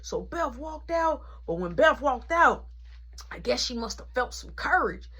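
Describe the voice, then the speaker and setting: A woman tells a storytime vlog in a slangy, animated way. Her voice sits high and jumps all over the place as she builds the story. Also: unhurried, slightly rough. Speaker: vlogger.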